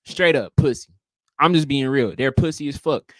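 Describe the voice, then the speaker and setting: A man's voice: mid-range voice, normal speed, no echo. A man hosting a casual livestream, talking in a profane, emphatic way and acting out greetings. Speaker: livestream host.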